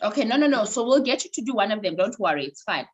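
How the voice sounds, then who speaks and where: A woman leading an online voice workshop over a video call, animated and coaxing. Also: medium pitch, fast talker, slightly rough, muffled recording. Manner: animated, instructive, coaxing participants. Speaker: voice coach running a workshop.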